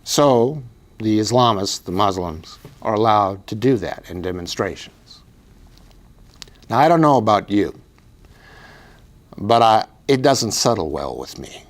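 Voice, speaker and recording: A man's voice: on the low side, expressive, unhurried, long pauses. A man giving an emphatic, preachy political commentary monologue as a write-in candidate, repeating phrases for effect. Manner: emphatic, repetitive, preachy delivery.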